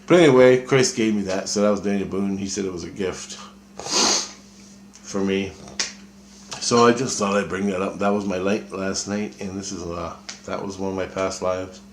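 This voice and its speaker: Deep-voiced man rambling casually, profane. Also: steady tone, normal speed, reverberant, slight background noise. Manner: casual, profane, trailing off with fillers. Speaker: vlogger. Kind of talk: rambling personal monologue.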